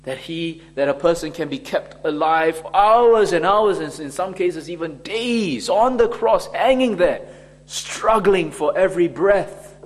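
A man preaching a sermon slowly and emphatically, acting out the mockers in quoted voices. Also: a little high, expressive, big-room sound.

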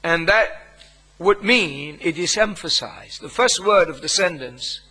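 Man, pastor, sermon, higher voice, emphatic pauses. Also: animated, pushed and bright, husky, low-quality recording. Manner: emphatic preaching with long pauses between phrases.

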